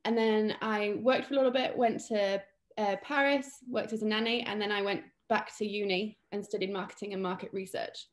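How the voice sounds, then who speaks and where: A woman's voice: mid-range voice, steady tone, a little fast. A young British woman from England, a guest chatting casually in an interview with plenty of fillers and restarts.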